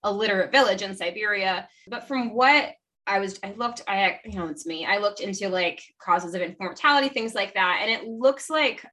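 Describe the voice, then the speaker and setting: Rambling bright-voiced woman. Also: mid-range voice, normal speed, distant mic. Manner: rambling and chatty, with frequent self-corrections. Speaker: podcast co-host presenting the research. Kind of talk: casual chat.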